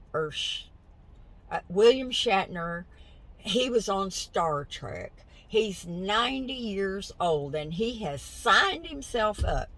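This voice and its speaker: An older woman with a drawl talks to her followers at an unhurried pace. Her way of speaking is folksy and chatty, and she keeps cheering her listeners on. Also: medium pitch, a bit bright, poor audio. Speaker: vlogger. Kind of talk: casual chat to camera.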